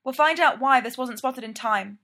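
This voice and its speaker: A woman's voice: high voice, normal speed, sharp tone. A woman voicing a dutiful male engineering lead, earnest and apologetic.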